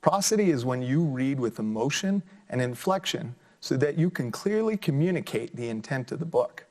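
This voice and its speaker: A man teaching a children's lesson, reading a picture book aloud with expressive jumps up in pitch on the sound words. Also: normal speed.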